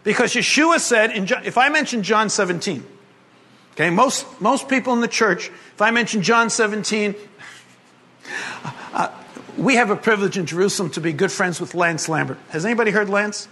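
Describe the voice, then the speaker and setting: A man preaching a sermon to a congregation, animated and humorous, moving between emphatic and hushed delivery. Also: high voice, moderate pace. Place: congregation gathering.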